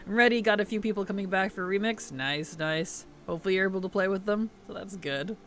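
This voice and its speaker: A man's voice: sits high, quick pace, a bit bright. A man streaming a game, chatting casually, laughing often and greeting his chat as he plays. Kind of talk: casual gaming livestream chat.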